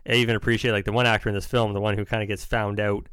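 A man's voice: lowish voice, flat delivery, rapid-fire, fairly bright tone, clear, resonant tone, no room sound. A young man rambling casually about favourite film scenes as a podcast host, with lots of "like" and restarts. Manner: rambling, restarts often, uses "like" a lot. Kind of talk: casual chat.

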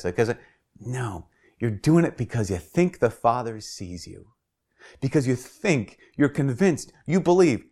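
A man's voice: lowish voice, darkish tone. A man, a Catholic priest, giving a spoken homily in an earnest, emphatic way, repeating words for stress. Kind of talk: reflective spoken video homily.

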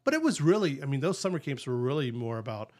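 A man's voice: mid-range voice, big pitch swings, quick pace, a little mellow. A middle-aged man, co-hosting a casual chat and telling rambling stories with easy laughs. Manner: chatty, laughs easily, rambling storyteller. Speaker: podcast co-host.

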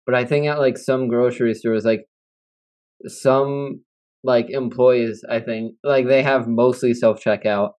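A man's voice: mid-range voice, fairly even intonation, measured pace, a little mellow. A man hosting a podcast, talking in an easygoing, casual way with many fillers. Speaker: podcast host. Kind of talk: casual conversational chat.

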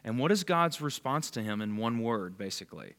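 A man teaching a small group in a relaxed, chatty sermon, his pitch swinging up and down with animated emphasis. He keeps checking in with listeners and calls on them by name. His voice sits at an ordinary middle pitch. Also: a little fast. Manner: conversational, quizzes listeners by name. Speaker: bible study leader.

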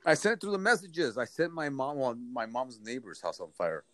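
A man's voice: mid-range voice, very animated, fairly quick, fairly bright tone, no room sound. A man hosting a casual online chat, telling crude rambling stories full of swearing. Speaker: podcast host.

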